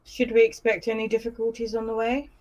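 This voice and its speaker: A woman's voice: fairly high pitch, completely flat delivery, brisk, darkish tone. A woman playing a tabletop role-playing game, speaking in character in a businesslike, haggling way. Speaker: player.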